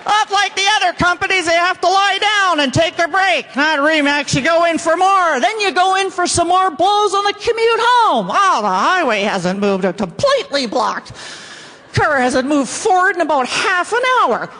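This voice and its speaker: A woman's voice: very high voice, moderate pace. A woman comedian and motivational speaker giving a stand-up keynote, telling stories with sarcastic, exclamatory asides. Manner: sarcastic, animated, exclamatory storytelling.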